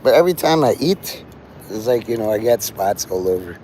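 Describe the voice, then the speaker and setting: A man's voice: fairly low pitch, lively intonation, brisk, dark tone, slight background noise. Rambling man streaming on a city street. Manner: rambling, talks to chat, acts out quoted voices. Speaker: livestreamer. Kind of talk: rambling outdoor livestream talk.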